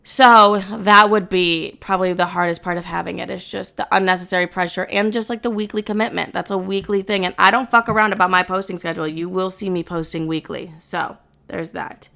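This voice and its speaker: A woman's voice: on the low side, steady tone, a little fast, gravelly, hardly any pauses, sharp tone. A young woman hosting her own podcast, talking casually and candidly to her listeners and swearing freely. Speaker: podcast host. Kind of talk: casual solo podcast talk.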